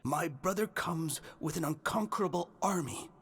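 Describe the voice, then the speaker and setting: An actor playing a troubled judge who speaks in an anguished, pleading way. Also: male voice, fairly high pitch, moderate pace, a bit bright, slightly rough, exaggerated voice. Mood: desperate. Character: troubled male judge, weary and desperate.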